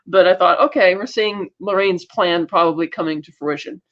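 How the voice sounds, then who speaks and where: A man's voice: high-pitched, muffled recording. A man co-hosting a podcast, retelling an episode in casual chat and quoting the characters as he goes. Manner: brisk retelling with acted quotes. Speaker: podcast co-host.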